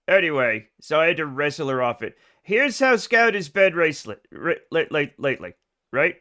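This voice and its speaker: A man's voice: on the high side, sharp tone. An American man live streaming a game, chatting with his viewers in a rambling, profane and self-mocking way. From United States. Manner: rambling, profane and self-deprecating, with frequent restarts. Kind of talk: casual rambling chat with viewers.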